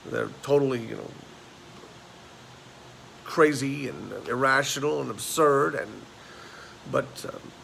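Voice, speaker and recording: A man performs a neurotic forty-year-old man who rambles through his thoughts and trips over his own words. He stammers and circles back again and again. A faint hiss sits under a deep, gravelly vocal fry. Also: slow, pauses often, bright, forceful tone, heavily acted, poor audio. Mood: rueful. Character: neurotic, self-mocking man turned forty. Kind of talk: film monologue performance.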